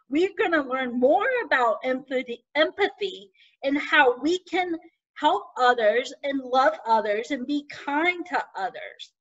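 A woman deacon giving a gentle, questioning children's lesson, speaking in a teacherly way. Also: high voice, muffled recording.

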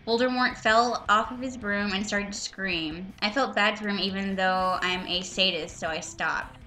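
Woman, young adult, mocking reading with asides, bright tone. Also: medium pitch, soft background music. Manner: reads slowly, breaks into laughter and sarcastic asides. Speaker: reader and commentator. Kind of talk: mocking dramatic reading of fan fiction.

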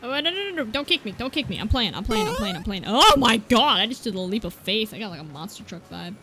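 A woman giving excitable gameplay commentary, yelping and cracking crude jokes. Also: mid-range voice, quick pace, music in the background. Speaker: gaming YouTuber.

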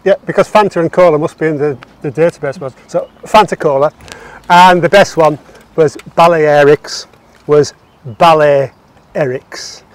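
A man's voice: on the high side, moderate pace. A man chatting outdoors on a walk, joking playfully. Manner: jokey, playful, laughs at his own jokes. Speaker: co-host of a walking podcast. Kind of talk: casual chat. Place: outdoors among palm trees.

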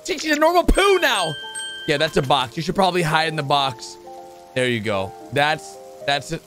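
A man hosting a reaction video. His voice leaps all over the place, from low mutters to sudden high yelps, and he throws out exclamations constantly. Faint music plays behind him. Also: big pitch swings, normal speed, sharp tone. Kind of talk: excited reaction commentary.

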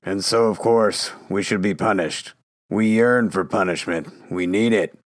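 A fanatical, smooth-talking psychiatrist, played by a man in an audio drama, lecturing in a low voice that swells into a rant. The sound is dry and close, with no room around it. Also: unhurried, dry recording. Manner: lecturing, building to a ranting tirade.

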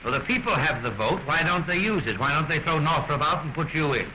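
A man's voice: fairly high pitch, expressive, a little fast, bright, forceful tone, low-quality recording. An actor playing a weary, wry middle-aged king of a small nation, speaking in a dry, ironic, understated way, in 1930s film style. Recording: hissy early 1930s film soundtrack.

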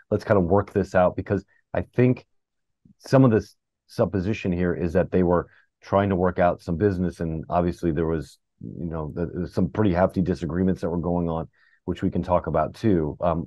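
A man's voice: low-pitched, fairly even intonation, a little fast, mellow, no echo. A man co-hosting a podcast, asking long, hedging questions with many restarts. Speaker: podcast co-host. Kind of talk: casual interview questions. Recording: dry, dull lo-fi mic.

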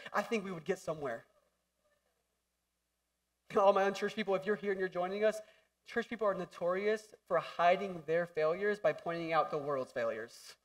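A young man preaching a lively, jokey sermon in a church hall, acting out voices and shouting for emphasis. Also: sits high, distant mic. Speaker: pastor.

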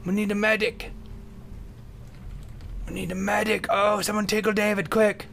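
A young man commentating a video game as he plays, goofy and joking, bursting into shouts. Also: high-pitched, little pitch movement, moderate pace, creaky, slight background noise. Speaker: gameplay commentator. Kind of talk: let's play commentary.

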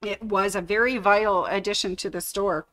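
A woman's voice: mid-range voice, fairly even intonation, moderate pace, sharp tone. A middle-aged woman, a store employee, telling the story of how she got her job during a livestreamed anniversary tribute. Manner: storytelling, acts out quoted dialogue. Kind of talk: emotional anniversary speech. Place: sewing store media room.

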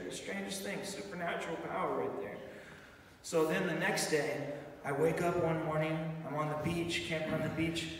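A man giving an excited, animated church testimony, telling his story with many restarts. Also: fairly high pitch, slight background noise. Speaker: testimony speaker. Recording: echoey hall, far mic.

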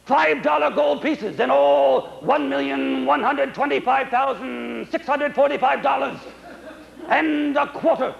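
A man's voice: a little slow, creaky, roomy sound, full character voice. A man playing an urgent, eager young son in a stage melodrama parody, on a dull old recording. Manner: eager, urgent, high-pitched.

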